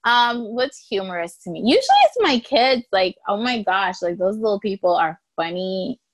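A woman speaking as a guest in a casual interview, chatty and quick to laugh, with many "like"s. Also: medium pitch, no echo. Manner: chatty, lots of likes, laughs easily.

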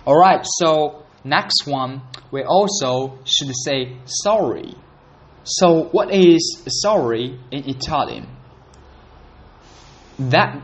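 A man's voice: fairly high pitch, expressive, slow. A man hosting a casual solo podcast, chatting and repeating words as he practices them. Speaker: podcast host learning Italian.

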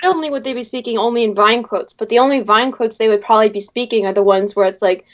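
Giggly high-voiced woman co-host, lo-fi sound. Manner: giggly, quick to joke. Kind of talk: casual chat.

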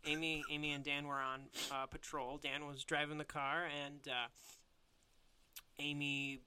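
A man's voice: fairly high pitch, little pitch movement, noisy background. A man improvising a comedic story, rambling with many fillers and restarts. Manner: rambling, filler-heavy, halting. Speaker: storyteller, co-host.

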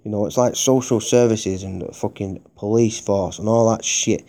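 Dark-voiced man ranting, swearing hard. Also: lowish voice, moderate pace. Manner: heavy swearing, heated and repetitive. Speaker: podcast host. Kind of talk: angry ranting monologue.

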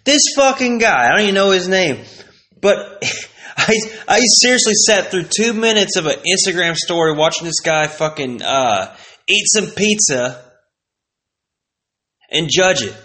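Vlogger, male, casual rambling rant, heavy swearing, slightly high voice. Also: lively intonation, unhurried, pushed and bright. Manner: profane, exasperated, rambling. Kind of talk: casual ranting monologue.

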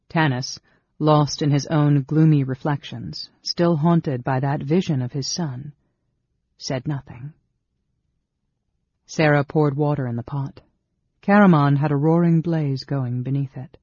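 Mellow, husky audiobook narrator. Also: male voice, on the high side, no echo. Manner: steady, measured reading. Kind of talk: scripted narration. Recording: dull, dry studio sound.

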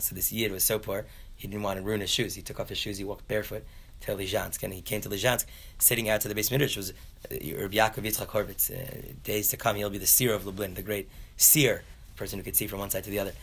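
A man teaching a casual Torah class, spinning a folk tale and slipping into its characters. His low voice is gravelly, with a bright, forward edge. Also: fast. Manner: animated, folksy storyteller acting out the characters.

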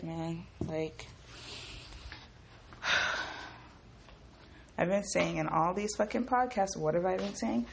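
A young woman hosting a casual solo podcast, telling stories in a profane, animated way and acting out what people said. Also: on the low side, slight background noise. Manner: profane, animated storytelling with quoted voices. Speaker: podcast host.

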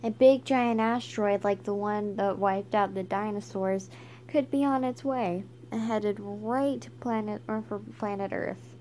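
A woman reading a children's book aloud, halting and stumbling with frequent restarts. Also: mid-range voice, fairly even intonation, warm tone, a little hiss or hum. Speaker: reader.

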